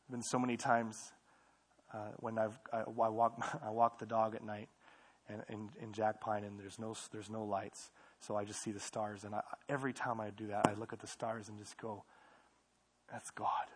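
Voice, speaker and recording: Man, young adult, pastor, relaxed sermon, repeats phrases, soft then loud. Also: fairly low pitch, moderate pace, husky. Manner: conversational, repeats himself, swings between soft and loud.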